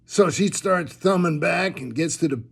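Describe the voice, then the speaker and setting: A man telling a bawdy joke in an unhurried, drawling storyteller manner. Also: fairly high pitch, creaky, husky. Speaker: joke teller.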